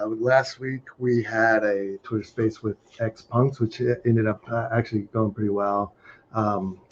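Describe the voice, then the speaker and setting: A man giving community updates on an online call, rambling with many fillers. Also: fairly low pitch. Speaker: community host. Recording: dull lo-fi call audio with faint hiss.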